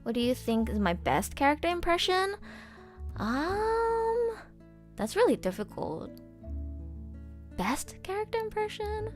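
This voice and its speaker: Bubbly young woman streamer, lively pitch. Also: unhurried, pauses often, soft background music. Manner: bubbly, giggly, gushing with enthusiasm. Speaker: voice actress streamer. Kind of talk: casual live-stream chat.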